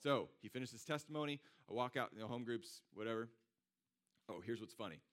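A pastor with a mid-range voice preaches at a fairly quick clip, keeping the sermon casual and conversational. He's animated as he tells a personal story, acting out what his friends said.

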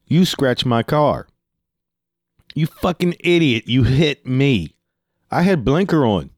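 A man's voice: mid-range voice, lively intonation, normal speed, no room sound, clean studio sound, natural voice. A man voicing a stubborn, angry male driver who speaks broken English and keeps repeating himself. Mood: angry, insistent.

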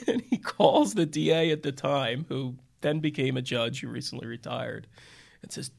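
On a casual storytelling podcast, a defense attorney co-host talks in a higher-than-average, somewhat mellow voice with vocal fry, very animated yet unhurried. His stories ramble, with frequent restarts and asides.

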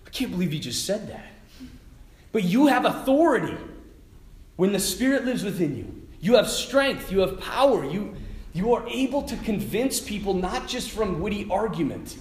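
A middle-aged man giving a lively faith talk to a live audience, telling stories and tossing asides to the listeners. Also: high voice. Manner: animated storytelling with asides to the audience. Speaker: Catholic speaker. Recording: echoey hall with faint ambience.

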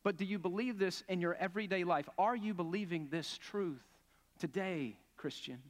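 A man with a slightly higher voice preaches a sermon, earnest and emphatic, and often asks his congregation questions. His voice carries a long reverb tail from a church sanctuary. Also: moderate pace. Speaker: pastor.

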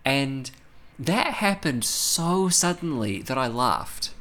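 A man recapping a horror film in casual chat, animated and profane, laughing often. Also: medium pitch, takes it slowly. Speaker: podcast co-host.

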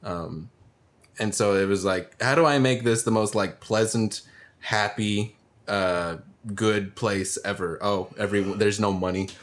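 A man with a fairly low voice recounting a tabletop game in a halting, filler-heavy way. He talks loosely and casually. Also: steady tone. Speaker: podcast co-host and game master. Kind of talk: casual chat.

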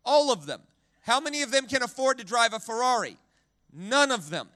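A man preaching a sermon with a very high, bright voice and a dry, close sound. He is animated, has the crowd repeat words back to him, and often stumbles and restarts mid-phrase. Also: moderate pace, no room sound. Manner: animated, leads the crowd in call-and-response repetition. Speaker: guest preacher.

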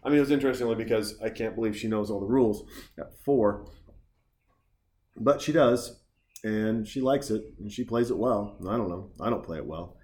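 A man in his forties from Montana talks briskly in a fairly low, darkish voice, reeling off profane stories and chasing tangents. He's outside on a summer vacation, captured with roomy sound and faint ambience.

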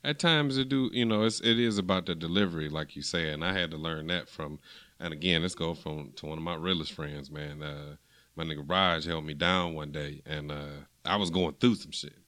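A man co-hosting a casual podcast chat, telling a long animated story and acting out what others said. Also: a bass voice, fairly quick. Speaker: podcast co-host.

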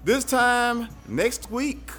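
A man's voice: extremely high pitch, lively intonation, extremely slow, pushed and bright, soft background music. A man hosting a casual podcast chat, laughing often and asking questions. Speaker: podcast host.

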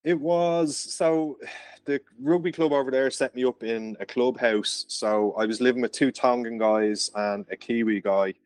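A man's voice: medium pitch, unhurried, darkish tone, smooth, no echo. An Irish man from Ireland, a podcast guest, telling stories in casual chat and laughing often. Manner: chatty storyteller, laughs often.

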